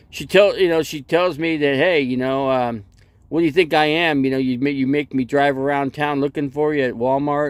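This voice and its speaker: A middle-aged man rambles through a casual live stream from inside his vehicle. He keeps restarting his sentences and repeating himself, with an average-pitched voice picked up by his phone. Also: no room sound.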